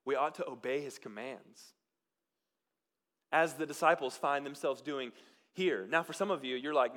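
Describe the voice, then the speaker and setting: A man preaching a sermon as pastor, moving between loud, emphatic lines and quiet, hushed ones. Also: medium pitch, moderate pace, pauses often.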